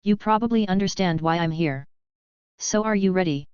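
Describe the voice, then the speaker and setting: A woman voicing a playful, wise old male wizard headmaster, speaking slowly and in a teasing tone. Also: lowish voice, a little mellow, smooth, no room sound, close to an everyday voice. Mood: wry, gentle. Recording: dull, lo-fi, dry.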